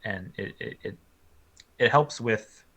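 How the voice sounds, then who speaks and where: A man co-hosting a podcast speaks in a bright, forward voice that sits rather low. He is reflective and casual, with fillers between his thoughts. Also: slow. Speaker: podcast co-host. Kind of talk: casual review chat.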